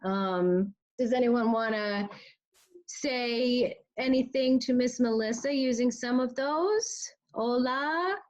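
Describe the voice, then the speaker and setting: A woman's voice: on the high side, slow pace, highs cut off. A woman teacher hosting a kids' language call over video, explaining things with small hesitations. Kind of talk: classroom-style hosting.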